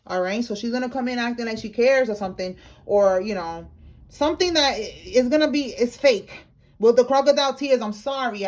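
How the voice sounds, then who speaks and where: A woman giving a casual tarot reading to her viewers, talking in a slangy, blunt way and calling them y'all. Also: on the high side. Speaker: tarot reader.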